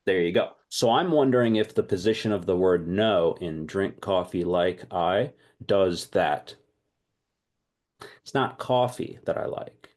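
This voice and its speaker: A man leading an online language class, lively and thinking aloud, often repeating himself. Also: deep voice, measured pace. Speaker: language teacher.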